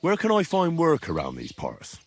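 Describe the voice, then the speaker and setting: A man voicing an earnest young wanderer in a video game, with lively intonation. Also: fairly high pitch, moderate pace, a little hiss or hum.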